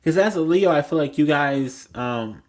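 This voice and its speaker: A man's voice: a little high, lively intonation, normal speed, darkish tone. Blunt, rambling man reading tarot. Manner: rambling, blunt, swears freely, lots of "like". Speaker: tarot reader.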